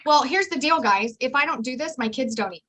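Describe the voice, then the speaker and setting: Animated woman agent telling stories. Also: high voice, a little fast. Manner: animated storyteller, acts out dialogue. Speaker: real estate agent. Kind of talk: telling stories in a training session.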